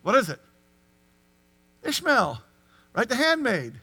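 A man preaching a sermon, animated and full of rhetorical questions to the congregation. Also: extremely high pitch, takes it slowly, slightly rough. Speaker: pastor.

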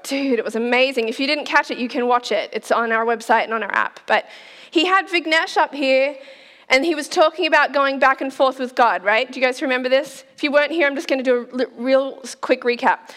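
A woman in her forties delivers a sermon in a chatty, playful way and laughs easily. Her voice sits high. The church hall around her leaves a long reverb. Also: brisk, fairly bright tone. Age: 40s. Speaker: pastor. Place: church auditorium.

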